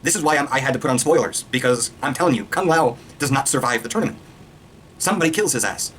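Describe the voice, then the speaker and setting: Excitable, foul-mouthed man ranting. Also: medium pitch, a little hiss or hum. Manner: excitable, profane, rapid-fire ranting. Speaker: video reviewer. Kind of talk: casual rant.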